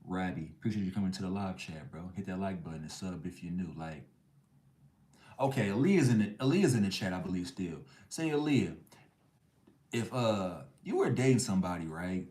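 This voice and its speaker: Deep-voiced man ranting to live chat. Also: lively intonation, normal speed, warm tone, reverberant. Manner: blunt, slangy, preachy. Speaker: livestream host.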